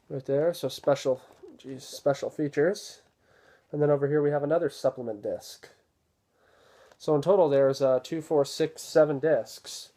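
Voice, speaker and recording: A man casually talking through an unboxing, relaxed and rambling with many fillers. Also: mid-range voice. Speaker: video host reviewing a disc set.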